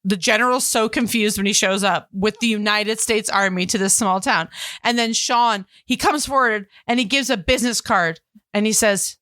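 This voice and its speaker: A woman co-hosting a podcast in casual chat, animated and gushing, with plenty of fillers and laughter. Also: medium pitch, moderate pace, no room sound, studio quality. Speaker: podcast co-host.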